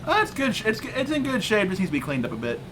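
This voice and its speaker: A man's voice: high-pitched, wildly swooping pitch, fast, fairly bright tone. A man hosting a casual livestream chat, joking and teasing, laughing at his own lines. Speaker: streamer, host.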